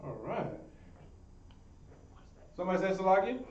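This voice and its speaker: A man's voice: high voice, lively intonation, moderate pace, slight background noise. A man teaching a Hebrew language class, repeating his praise and encouraging students. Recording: echoey room, far mic, muffled.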